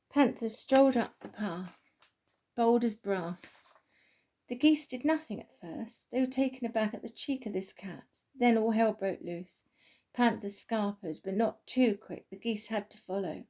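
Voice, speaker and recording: A woman reading a children's story aloud in a gentle, homely way. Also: medium pitch, unhurried.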